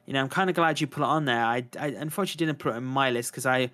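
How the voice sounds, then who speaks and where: Excited male co-host who rambles and trips over his own corrections. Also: mid-range voice, very fast. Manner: enthusiastic, rambling, self-correcting. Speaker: podcast co-host. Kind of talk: casual chat about video games.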